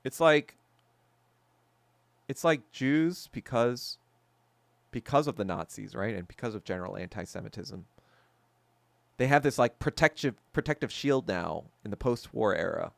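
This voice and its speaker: A man's voice: medium pitch, animated, measured pace, vocal fry, long pauses, dry recording. A man hosting a solo podcast chat, ranting bluntly and profanely with lots of filler words and abrupt topic jumps. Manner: blunt, jumpy topic changes. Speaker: podcast host. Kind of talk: solo livestream chat, answering viewers.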